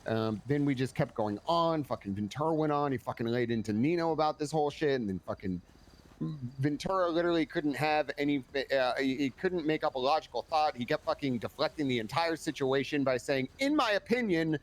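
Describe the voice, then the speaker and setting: A man's voice: mid-range voice, brisk. A tired man playing a police commander in a game roleplay, telling a long story in a rambling way, swearing and restarting often. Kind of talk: in-character roleplay chat.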